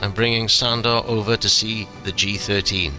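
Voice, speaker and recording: A man reading the part of a cautious police inspector who speaks in a formal, guarded way, with soft music underneath. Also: fairly low pitch, fairly even intonation, normal speed.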